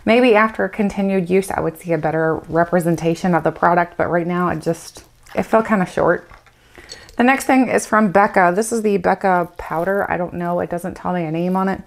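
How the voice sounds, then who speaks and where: A woman's voice: on the low side, a little fast, gravelly. A woman in her thirties chatting candidly through a beauty product review, with lots of "like" fillers. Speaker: beauty vlogger reviewing samples.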